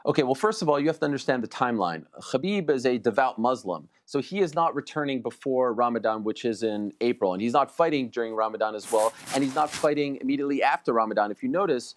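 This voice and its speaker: A man talking as a guest in an animated sports debate, boastful and emphatic, repeating phrases for effect. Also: mid-range voice, fast, few pauses. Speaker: combat sports reporter, guest.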